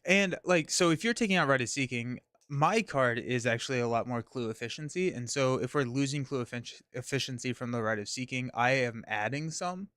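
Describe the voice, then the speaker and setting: An upbeat man hosts a card game live stream, his voice smooth and clean. The sound is close and dry. He chats quickly and laughs easily. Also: medium pitch, a bit bright, dry recording. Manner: upbeat, laughs often, talks fast in bursts. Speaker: host. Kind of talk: casual chat about a card game stream.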